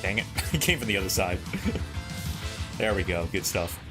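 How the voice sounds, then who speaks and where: With a deep voice and a moderate pace, this man hosts a let's play, narrating his gameplay to himself in an expressive, joking way. He keeps searching for puns while game music runs underneath.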